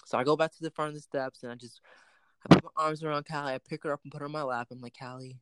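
A man's voice: a little high, steady tone, very fast, fairly bright tone, smooth, dry recording. A man hosting a casual chat, telling a personal story with plenty of quoted dialogue.

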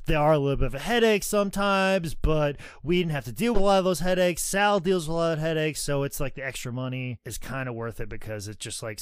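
A man's voice: on the high side, expressive, brisk, no echo. Podcast co-host, male, loose rambling storyteller, swears freely, mimics others, dry recording. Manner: profane, rambling anecdotes with many "like"s; acts out others' voices while telling stories. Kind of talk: casual storytelling chat.

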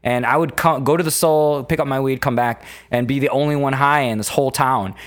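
A man who is a comedian guest on a podcast, telling stories in a fast, excitable, casual way with swearing. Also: mid-range voice. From Toronto.

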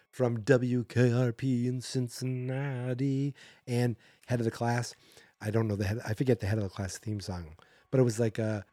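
A man talks through a movie in a loose, rambling podcast recap, sarcastic and unimpressed. His voice is dark and mellow at a middling pitch. The sound is dry and close, with no room around it. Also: husky, no room sound. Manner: sarcastic, rambling, acts out character quotes. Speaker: podcast host.

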